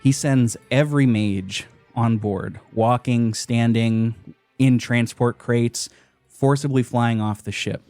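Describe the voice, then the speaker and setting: A man's voice: medium pitch, slow pace, faint music behind. A man hosting a podcast, retelling game scenes in a casual chat full of "uh" fillers. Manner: animated retelling, frequent "uh" fillers. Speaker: podcast host.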